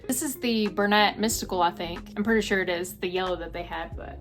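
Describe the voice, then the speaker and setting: A young woman chatting casually in a home vlog, excitable and gushing as she talks. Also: medium pitch, fairly quick, few pauses, soft background music. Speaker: crochet vlogger.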